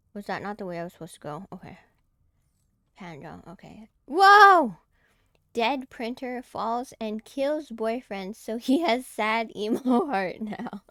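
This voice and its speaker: Woman streamer, casual gameplay chat, slow and chatty, dry close sound. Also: mid-range voice, no room sound. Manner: chatty, easily startled, giggly. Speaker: streamer playing a game.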